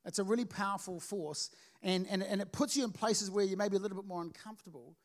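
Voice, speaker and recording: A man with a notably high voice preaches to his church, telling stories with lots of energy. He keeps restarting his sentences as the thoughts tumble out. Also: quick pace. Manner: storytelling, energetic with frequent restarts. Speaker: pastor. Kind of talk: sermon. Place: church service.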